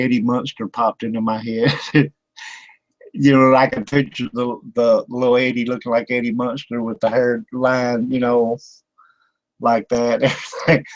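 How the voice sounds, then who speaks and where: An older man with a drawl hosts a casual radio talk, wandering from point to point with fillers and frequent chuckles. His voice sits at an ordinary middle pitch. The sound is dry and close, with no room around it. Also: steady tone, moderate pace, no room sound, rough recording. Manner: folksy, rambling, laughs often, many fillers. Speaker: radio show host.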